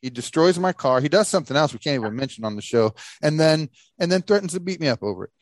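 A man hosting a podcast, telling a story in casual chat and acting out the people he quotes in a higher voice. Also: fast, no echo. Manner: animated, acts out quoted voices in a high pitch.

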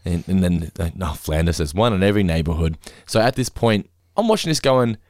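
Animated man, dry close sound. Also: low voice, brisk, dry recording. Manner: animated storytelling, swearing, acting out voices. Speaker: podcast co-host. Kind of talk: casual chat.

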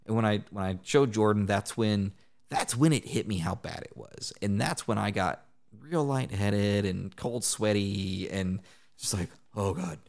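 A lower-voiced man in his thirties with a twang, chatting on a hobby podcast. He tells his stories with animation and shouts out the lines he quotes. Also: measured pace, gravelly. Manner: animated storyteller, acts out quotes loudly. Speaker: podcast co-host. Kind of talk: casual chat.

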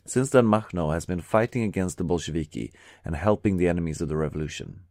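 A man reading a historical memoir aloud in a steady, measured narration. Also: deep voice, no echo, clean studio sound. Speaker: audiobook reader. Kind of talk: scripted narration.

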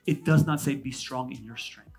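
A man in his thirties, a pastor from California, preaching a sermon. He jumps between loud, emphatic lines and hushed asides, with quick, conversational humor. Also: medium pitch, husky, faint music behind.

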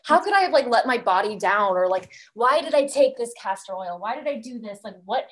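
Candid woman with a fairly high voice. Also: fairly quick. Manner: candid and lively, acting out her own past thoughts. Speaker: podcast guest. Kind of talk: personal storytelling.

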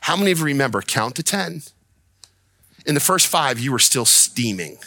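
Emphatic preaching man, bright dry voice. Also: medium pitch, animated, moderate pace, no room sound. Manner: emphatic preaching, rising to near-shouts when voicing the prophet. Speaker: pastor. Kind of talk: sermon.

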